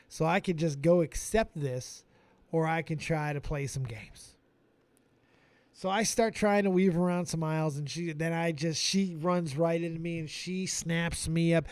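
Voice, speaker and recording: A man tells a comic story on a live stream, swearing freely and pitching his voice fairly high. The sound is dry and close to the mic. His delivery is animated and profane. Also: normal speed, no echo.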